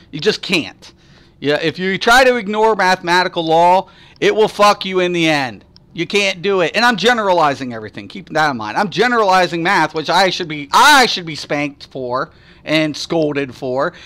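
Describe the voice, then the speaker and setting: A man with a fairly high, sharp-toned voice chats casually on a live stream. He answers viewers at length in rambling, profane rants packed with fillers.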